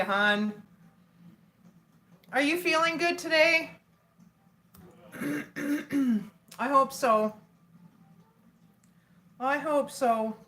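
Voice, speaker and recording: A woman's voice: fairly high pitch, pushed and bright. A woman hosting a casual livestream, chatting with viewers and laughing often.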